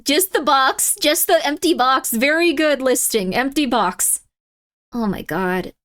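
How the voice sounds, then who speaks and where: A woman streaming live, chatting casually and rambling in exasperated disbelief, her voice often jumping up in pitch.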